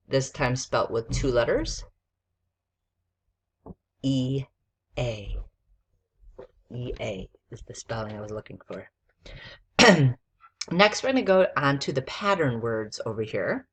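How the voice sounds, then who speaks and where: A woman teacher giving a recorded spelling lesson to young students, dictating slowly and sounding out letters one at a time. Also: rumbling low.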